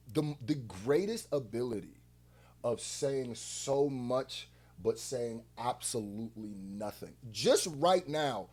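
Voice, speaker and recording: A man with a slightly high voice talks through a clip in loose, casual reaction commentary. He is animated and teasing, swinging up when excited and dropping low and soft to mimic what he mocks. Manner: animated, mocking, quotes others in a low mumbling voice.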